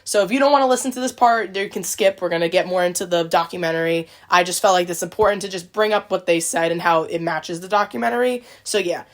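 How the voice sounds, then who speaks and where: A woman hosts a podcast in relaxed, casual chat. She rambles through a retelling, full of likes and quick quoted voices. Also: fairly low pitch. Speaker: podcast host.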